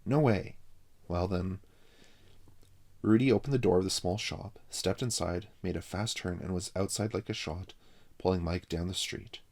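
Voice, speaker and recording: A man with a very low, gravelly voice reads a chapter of a children's book aloud. He narrates plainly and steadily. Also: normal speed, a little mellow. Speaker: reader. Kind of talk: reading a novel aloud.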